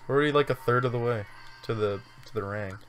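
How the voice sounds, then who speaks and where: A man's voice: mid-range voice, quick pace, crowd noise. A young man hosting a casual let's-play, laid-back and joking, laughing often and swearing casually. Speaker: host.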